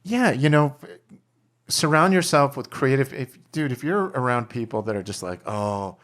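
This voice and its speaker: A man's voice: mid-range voice, moderate pace. A middle-aged man, a documentary filmmaker, telling stories in casual chat and acting out the people he quotes. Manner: animated storyteller, acts out quotes, swears freely. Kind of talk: casual chat over drinks.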